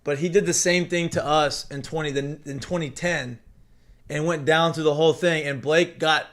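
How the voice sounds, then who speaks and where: A man's voice: on the high side, fairly even intonation, normal speed, fairly bright tone. A man in his thirties hosting a podcast in easygoing, agreeable casual chat. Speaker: podcast host.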